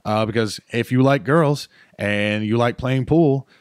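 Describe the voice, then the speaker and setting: A man's voice: medium pitch, measured pace, clean tone, no echo, clean studio sound. A man in his thirties, a comedian guest on a podcast, casually telling a long story full of "uh"s and self-corrections.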